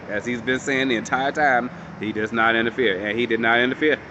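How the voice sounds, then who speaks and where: A man casually recapping and reviewing a show episode, animated and storytelling, acting out characters' lines and swearing freely. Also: mid-range voice, brisk, few pauses, lo-fi sound, noisy background.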